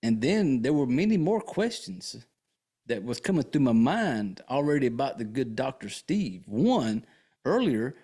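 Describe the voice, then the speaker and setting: Man, podcast host, casual film recap, crude jokes, rambling, mid-pitched voice. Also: very animated, unhurried, dark tone, breathy edge. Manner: rambling, crude and joking, with many fillers.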